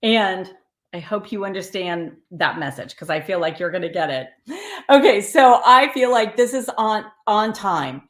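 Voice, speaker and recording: A woman's voice: mid-range voice, roomy sound. A woman hosting a live card reading, chatting and encouraging viewers by name. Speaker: tarot reader and live stream host.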